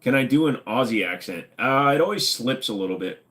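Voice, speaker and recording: A man's voice: mid-range voice, lively intonation, fairly quick, a bit bright. A man hosting a stream, chatting casually and joking as he reads viewer comments. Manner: joking, laid-back, rambling. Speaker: streamer host.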